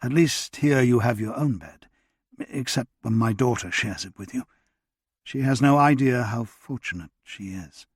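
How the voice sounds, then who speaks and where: A man reading the part of a tired, earnest doctor in period England, with a courteous, hesitant manner and a husky voice. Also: mid-range voice, unhurried, dry recording, studio quality.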